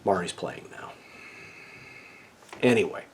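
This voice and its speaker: A man's voice: low voice, slow, slight background noise. A man giving a casual explanatory monologue as a video essayist, lecturing and checking in with the listener with a frequent "okay?". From United States.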